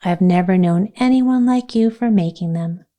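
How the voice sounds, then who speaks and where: A woman's voice: medium pitch, normal speed, warm tone, lightly acted. Woman reading as a strict practical older lady, dry scolding tone, storybook voice. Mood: stern.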